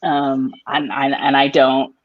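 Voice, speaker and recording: Woman guest, low voice, lively storyteller, dull lo-fi call sound. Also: takes it slowly, dry recording. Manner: animated, jumps high in pitch when quoting people. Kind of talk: casual storytelling on a live podcast.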